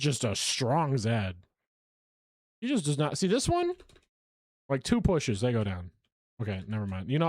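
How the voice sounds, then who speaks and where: Animated, chatty male streamer. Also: mid-range voice, dry recording, studio quality. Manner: chatty, animated, self-mocking. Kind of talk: live gameplay commentary.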